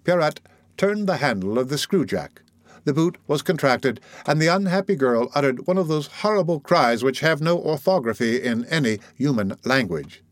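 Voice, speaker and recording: A man narrating a classic novel as an audiobook, in measured, dramatic storytelling. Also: on the high side, lively intonation, no echo.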